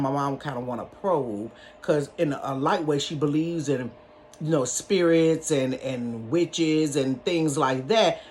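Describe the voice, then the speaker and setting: Woman, storytime host, folksy, animated, chatty, talking from her bedroom. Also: sits low, a little hiss or hum. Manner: animated, folksy, addresses listeners as honey and y'all. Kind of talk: casual storytime.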